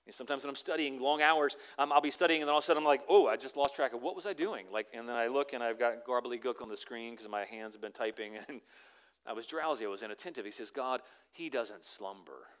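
A man preaching a conversational sermon, repeating words as he starts phrases and swinging from loud emphasis to near-whispered lines. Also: medium pitch, quick pace, clear, resonant tone. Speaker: pastor.

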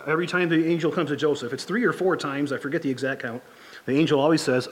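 A man preaching a sermon as a pastor, talking in a conversational, halting way with frequent restarts and fillers. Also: a little high.

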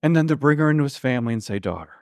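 A man preaching a sermon, retelling a Gospel story in an earnest, halting way, with frequent restarts and slow, quiet quotations. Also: on the high side. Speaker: pastor.

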